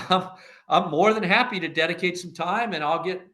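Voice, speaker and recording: With a high-pitched voice and normal speed, an older former agency director shares stories during an interview. He performs the lines of the people he quotes and keeps breaking into laughter.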